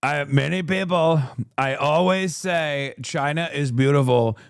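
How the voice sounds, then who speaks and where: A man hosting a live stream, reacting in casual, animated commentary with swearing and quick jokey asides. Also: on the high side, creaky, smooth, dry recording, clean studio sound. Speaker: streamer host.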